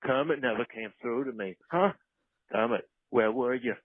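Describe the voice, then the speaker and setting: Man doing Sweet Pea Sue, raspy and furious. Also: medium pitch, moderate pace, dry recording, voice pushed up, natural voice. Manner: profane, threatening rants. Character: foul-mouthed furious washed-up puppet-show star. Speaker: voicemail caller. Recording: tinny phone voicemail.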